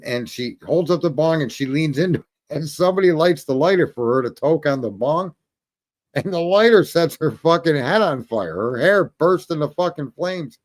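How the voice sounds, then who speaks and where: A man hosting a call-in livestream, telling stories in a rambling, profane, casual way and laughing at his own jokes. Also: on the high side. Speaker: call-in show host.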